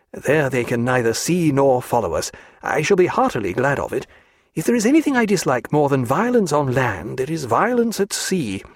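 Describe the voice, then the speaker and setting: A man voicing a calm, learned middle-aged gentleman who speaks in a measured, gently reassuring way, in a storybook reading. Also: medium pitch, no echo, clean studio sound.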